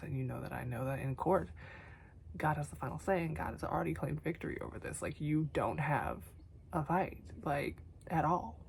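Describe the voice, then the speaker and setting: A young woman talking tenderly to herself on camera in a vlog, soft and often whispery, teary, her voice going hoarse. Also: sits low, slight background noise. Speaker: vlogger. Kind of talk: emotional self-talk to camera.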